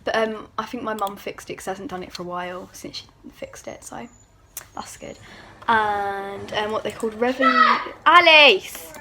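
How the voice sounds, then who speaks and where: At a moderate pace and with fairly even intonation, a teen beauty vlogger chats from home, rambling and teasing herself. Her voice is mid-range, and background noise is audible.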